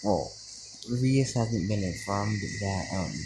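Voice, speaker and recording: Tired, rambling deep-voiced male storyteller. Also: expressive, slow pace, noisy background. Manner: rambling, many ums and restarts. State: tired, yawning. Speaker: fan storyteller. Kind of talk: improvised fan-fiction narration. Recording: crickets chirping loudly behind. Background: crickets and insects.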